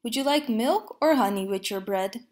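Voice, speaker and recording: A woman's voice: on the high side, animated, moderate pace, darkish tone, natural voice. A woman voicing a grumpy male rabbit in a read-aloud storybook, stammering and grudging.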